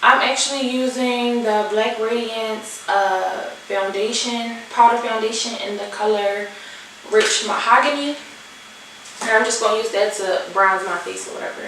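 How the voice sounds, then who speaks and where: A young woman, animated and swearing, acting out the people in her storytime vlog while she does her makeup. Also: on the high side, a little slow, distant mic. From Philadelphia. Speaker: vlogger. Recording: echoey room, off-mic, faint hiss.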